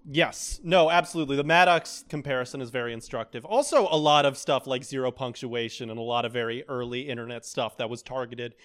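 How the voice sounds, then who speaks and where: A man co-hosting a podcast, giving his opinions in relaxed, thoughtful casual chat. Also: medium pitch, brisk, hardly any pauses. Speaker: podcast co-host.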